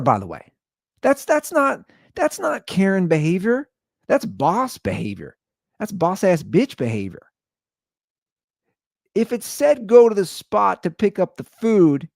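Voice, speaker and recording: A man's voice: on the high side, vocal fry, no echo, studio quality. Sarcastic ranting male podcast host. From Anderson Township, Ohio, USA. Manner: sarcastic, exaggerated, animated ranting. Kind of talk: comedic rant storytelling.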